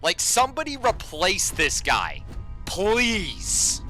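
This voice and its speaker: A male streamer in the middle of a sarcastic, profane rant, drawing his words out slowly. His voice sits fairly high and comes across bright and forceful. Faint game music plays behind him. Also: expressive. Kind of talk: ranting live game stream.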